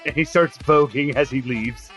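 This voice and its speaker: A man's voice: mid-range voice, moderate pace, fairly bright tone, lo-fi sound, faint music behind. A man playing a tabletop role-playing game, talking in a playful, laughing way. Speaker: player. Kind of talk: tabletop role-play chat.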